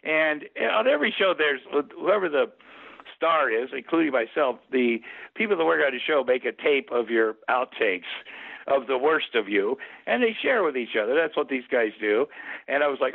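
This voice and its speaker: Gravelly man telling stories over a tinny line. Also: medium pitch, normal speed. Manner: rambling, lively, many restarts and acted quotes. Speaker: interview guest. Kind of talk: animated storytelling. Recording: phone-like narrow sound.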